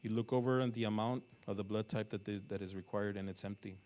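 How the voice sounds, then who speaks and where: A man's voice: lowish voice, steady tone, fast, a little mellow. A man preaching a sermon in a church, speaking to listeners as "you" and building to emphatic pleas. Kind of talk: dramatic sermon storytelling. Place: church sanctuary.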